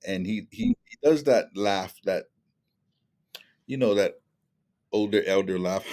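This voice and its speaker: A man's voice: lowish voice, measured pace, creaky, long pauses. A middle-aged man telling stories in a casual conversation, acting out the other people's lines in changing voices. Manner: animated, acts out dialogue with shifting voices. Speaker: guest speaker.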